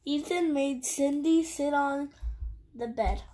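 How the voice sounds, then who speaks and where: A woman reading a picture book aloud in a careful, halting way. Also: sits high, dark tone. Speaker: storybook reader.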